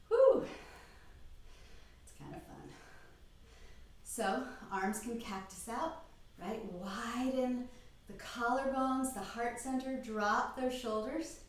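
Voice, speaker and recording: Middle-aged woman leading a yoga flow, gentle encouraging cues, bit breathless, big echoey room. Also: medium pitch. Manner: calm, encouraging cues, soft breathy exhales. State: slightly out of breath. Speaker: yoga instructor. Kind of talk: guided yoga class instruction.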